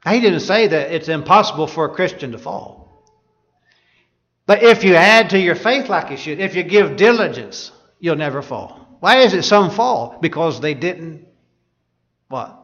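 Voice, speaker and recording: Reading scripture and asking rhetorical questions of his listeners, a preacher delivers his sermon at a moderate pace. He sounds animated, with a fairly high pitch and a fairly bright tone, though the recording is dull and lo-fi.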